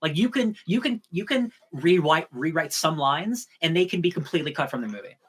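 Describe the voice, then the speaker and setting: A podcast co-host speaks in a middle pitch. The talk is casual, quick and frank, with easy agreement with the others. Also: animated, husky. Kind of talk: casual chat.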